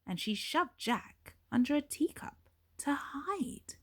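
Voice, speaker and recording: Give me a teacher reading a storybook very slowly. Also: female voice, high-pitched, whispered. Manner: slow and expressive, with dramatic pauses. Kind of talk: storybook read-aloud for young children.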